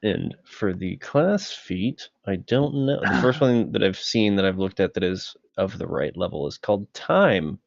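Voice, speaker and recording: A man with a low, gravelly voice chats casually as a tabletop game player. He thinks aloud and hesitates often. The close, dry sound is a bit muffled, like online call audio. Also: animated, measured pace, few pauses, no room sound.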